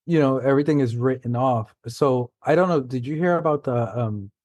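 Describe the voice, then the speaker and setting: A man from New York City, a guest author, chatting casually in a halting, loose storytelling way. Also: medium pitch, a little mellow, no echo. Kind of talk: casual conversational chat.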